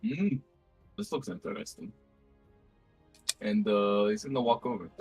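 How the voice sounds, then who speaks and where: A man's voice: medium pitch, big pitch swings, unhurried, gravelly, a little mellow, slightly rough, soft background music. A man as a player in a tabletop game, describing what his character does in third person.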